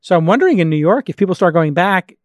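Talkative podcast host, fairly high voice. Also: male voice, animated, quick pace, no room sound, clean studio sound. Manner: talkative, thinks aloud, restarts sentences. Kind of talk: casual conversational discussion.

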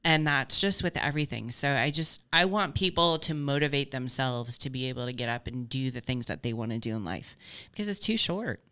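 A woman's voice: rumbling low, animated, a little fast, sharp tone, clean tone. A woman guesting on a podcast, blunt and profane, talking about hard work and going after goals. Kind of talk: casual interview chat.

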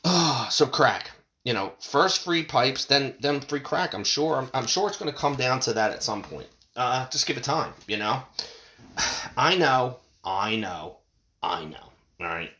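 Man, casual rant, lively swooping pitch, bright edge, lots of cursing and restarts. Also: a little slow. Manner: profane, rambling, stumbling restarts.

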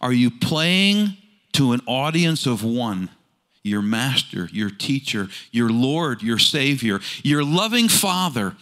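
Lively, bright-voiced male pastor preaching. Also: medium pitch, slow pace, a little hiss or hum. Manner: animated storytelling, rhetorical questions. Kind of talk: sermon.

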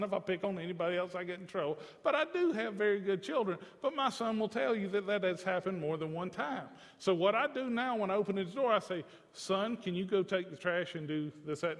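Pastor, man, fairly high voice, chatty preaching style with asides to the pews, long hall reverb. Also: a bit bright. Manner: conversational preaching, jokes with the congregation. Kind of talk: sermon.

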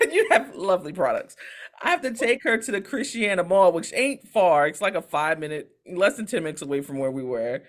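A woman co-hosting a podcast, telling a story in a profane, animated, casual way. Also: on the low side, fairly quick. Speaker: podcast co-host. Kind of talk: casual chat.

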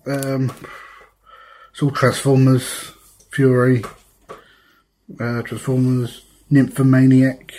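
Brief: British male podcast co-host, mid-pitch voice, halting delivery with frequent ums. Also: monotone, dark tone, a little hiss or hum. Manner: halting, lots of ums, laughs often. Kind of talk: casual chat. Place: living room couch.

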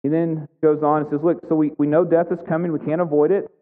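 A man's voice: a little high, flat delivery, quick pace. A man giving a conversational sermon, full of questions and restarts. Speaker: pastor. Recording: tinny phone-like sound in a reverberant hall.

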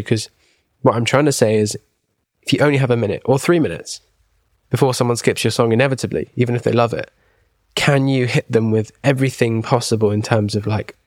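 A man's voice: medium pitch, a little mellow, no echo, clean studio sound. A man, co-hosting a podcast in casual chat, rambling enthusiastically with many asides and restarts. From England. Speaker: podcast co-host.

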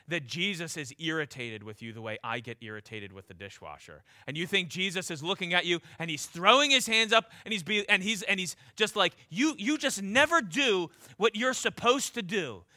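A man preaching a sermon with passion, pressing his listeners with repeated rhetorical questions and stumbling into quick restarts. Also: high-pitched, pushed and bright, no echo, clean studio sound.

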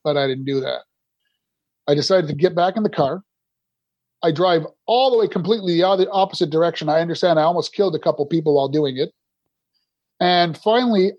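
Podcast guest: middle-aged man from Canada, higher voice, rambling and candid, dull dry remote audio. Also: fairly quick, a little mellow, dry recording. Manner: rambling, restarts often. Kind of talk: candid recovery story.

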